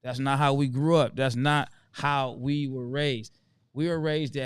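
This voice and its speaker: A man's voice: mid-range voice, steady tone, a little slow, smooth, no echo. A man hosting a casual conversation, talking earnestly and emphatically and often repeating his points to drive them home. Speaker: host.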